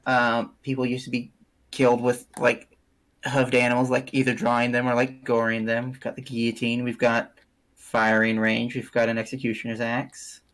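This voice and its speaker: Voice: medium pitch, completely flat delivery, normal speed, a bit bright. A player making wry comments about a game during a stream. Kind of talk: casual chat over gameplay.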